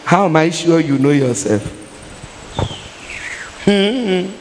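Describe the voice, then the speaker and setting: A woman's voice: low voice, animated, slow, a little mellow, slight background noise. Nigerian woman evangelist, emphatic fervent sermon, long hall reverb. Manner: emphatic preaching, rising to fervent prayer.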